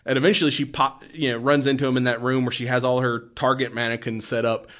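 A man's voice: mid-range voice, flat delivery, quick pace, fairly bright tone. A man in casual chat who rambles, swears freely and laughs a lot while recapping a film. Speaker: podcast co-host.

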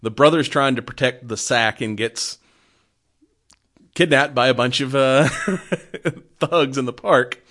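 A man with a mid-range voice talks through a movie plot in a loose, rambling way. He piles on fillers and restarts as he goes, like an excited friend catching you up. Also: medium pitch, slow. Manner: rambling, filler-heavy storytelling. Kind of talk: casual movie recap chat.

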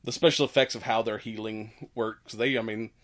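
A man's voice: fairly low pitch, fairly even intonation, fairly quick, a bit bright. A man co-hosting a podcast, chatting casually, rambling, swearing often and laughing a lot as he retells scenes. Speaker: podcast co-host. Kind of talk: casual chat.

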